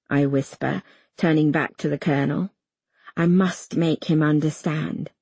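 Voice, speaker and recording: A woman's voice: sits low, steady tone, unhurried, a little mellow, slightly rough, no room sound. Woman narrating a tense audiobook. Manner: tense, urgent storytelling with voiced dialogue. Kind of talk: first-person fiction narration.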